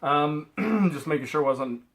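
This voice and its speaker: A man's voice: a little high, lively intonation, measured pace, poor audio. A middle-aged man from Canada, rambling chattily through a haul vlog and laughing at himself. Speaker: reseller vlogger.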